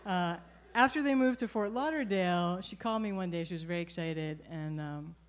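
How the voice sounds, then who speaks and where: A middle-aged woman telling a personal story at a live storytelling event, conversational and animated, with frequent restarts. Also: lowish voice, brisk. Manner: conversational, animated, self-correcting.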